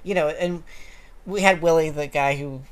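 A man's voice: fairly high pitch, normal speed, clear, resonant tone. A man co-hosting a podcast, talking through an episode in casual chat with thoughtful, academic phrasing and bursts of laughter. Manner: animated, laughs while making points. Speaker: podcast co-host.

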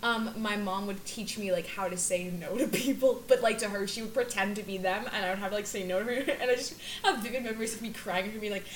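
A woman's voice: medium pitch, fast talker, hardly any pauses. A teenage girl co-hosting a casual chat, bubbly and giggly as she tells stories. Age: teens. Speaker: co-host.

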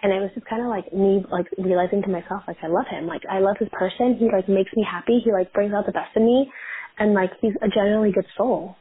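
A woman's voice: medium pitch, steady tone, quick pace, breathy edge. A woman in her twenties chatting casually as a guest, full of "like" fillers. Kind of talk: casual chat. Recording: phone-like narrow sound.

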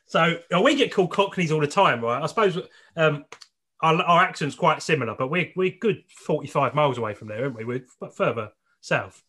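A man's voice: on the high side, expressive, normal speed, fairly bright tone, breathy edge. A man from the of England, hosting a podcast in casual chat, repeating words and laughing easily. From southeast England. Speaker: podcast host.

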